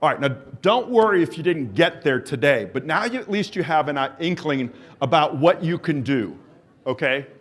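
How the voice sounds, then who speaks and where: High-voiced enthusiastic man coaching a group. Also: expressive, moderate pace. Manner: enthusiastic, encouraging, coaxes the audience; calls out countdowns and cues to the group. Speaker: exercise coach presenting at a symposium. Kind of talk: live workshop presentation leading an exercise drill.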